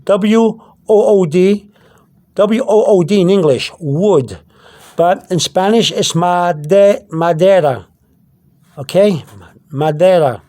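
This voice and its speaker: A man with a high-pitched, slightly mellow voice speaks slowly while giving an informal language lesson as a teacher. He points things out on a product label, stopping often, repeating words and checking in with "okay?".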